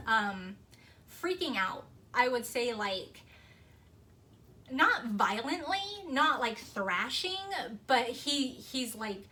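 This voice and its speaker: A woman with a bright, slightly high voice tells a personal ghost story in a casual vlog. She rambles animatedly, restarting sentences and filling them with "like.".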